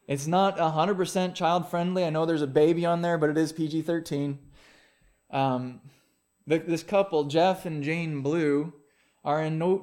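A man's voice: on the high side, a little mellow. Conversational male pastor preaching. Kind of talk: sermon.

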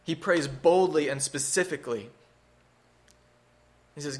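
A man's voice: fairly high pitch, unhurried, pauses often. A man preaching a sermon, teaching through a scripture passage in an earnest, expository way, rising for emphasis.

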